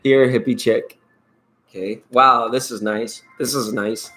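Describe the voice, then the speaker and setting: A man's voice: medium pitch, steady tone, measured pace, bright, forceful tone. A man hosting a live tarot stream, chatting casually and rambling playfully, often laughing.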